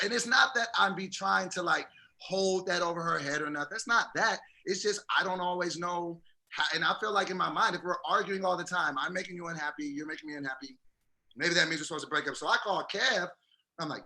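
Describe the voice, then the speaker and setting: A man's voice: sits high, fairly quick. A man co-hosting a podcast, telling a story in casual chat and acting out quotes with energy. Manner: animated storyteller, acts out quotes. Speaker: podcast co-host.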